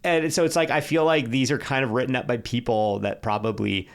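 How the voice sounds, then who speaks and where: A man's voice: mid-range voice, steady tone, a little fast, gravelly. Man, 30s, mid voice, rambling casual podcast co-host. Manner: rambling, thinks aloud with many fillers. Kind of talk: casual chat.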